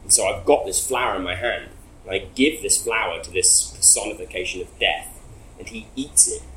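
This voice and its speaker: Low-voiced man telling a rambling story. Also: a bit bright, reverberant, slight background noise, low-quality recording. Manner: rambling, swears often, laughs between phrases. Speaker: interviewee. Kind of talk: casual storytelling.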